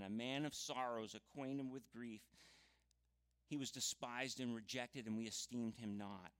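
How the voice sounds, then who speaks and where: An earnest male preacher delivering a sermon at an unhurried, measured pace. He talks in a conversational way and drops in "you know" as he explains each point. His voice sits at an ordinary middle pitch for a man. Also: a bit bright, smooth.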